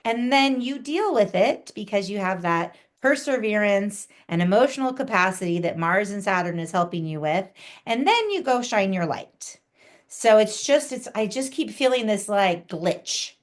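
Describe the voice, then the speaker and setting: Chatty woman giving astrology forecasts. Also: medium pitch. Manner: chatty, acts out quoted reactions. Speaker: intuitive astrologer, podcast guest. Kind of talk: casual podcast astrology forecast.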